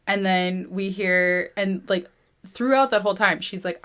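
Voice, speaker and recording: A woman hosting a book podcast, reading a novel aloud and chatting, animated with many "like"s. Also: medium pitch, normal speed. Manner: animated retelling, heavy use of "like". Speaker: podcast host.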